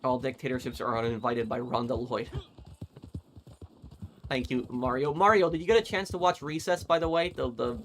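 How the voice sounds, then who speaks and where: A man's voice: medium pitch, moderate pace, fairly bright tone, a little hiss or hum. A young man streaming a game, casually chatting as he reads viewer comments, rambling and digressing as he goes. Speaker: gaming streamer. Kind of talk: casual chat reading live comments while gaming.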